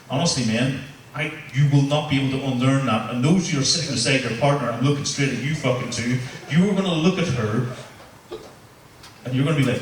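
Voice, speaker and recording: A male comedian on stage works the crowd, swearing freely and building stories toward punchlines. His voice sits fairly high for a man. It echoes heavily around the venue and sounds a little distant from the mic. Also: a bit bright. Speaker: stand-up comedian. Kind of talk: stand-up comedy set.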